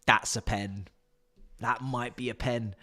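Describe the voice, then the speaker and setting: A young man hosting a live football watch-along, excitable and swearing, shouting at the players. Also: mid-range voice, slow pace. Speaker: live stream host.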